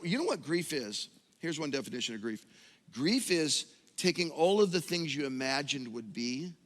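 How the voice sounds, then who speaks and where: A middle-aged male pastor preaching a sermon, telling a personal story with self-mocking humor and building to loud, emphatic peaks. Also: fairly high pitch, big-room sound. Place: church auditorium.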